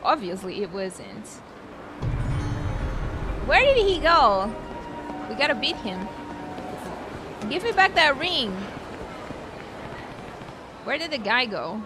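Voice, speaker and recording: A woman streaming a video game, chatting and reacting with excitement. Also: a little high, takes it slowly, pauses often, music in the background. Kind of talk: casual gameplay commentary.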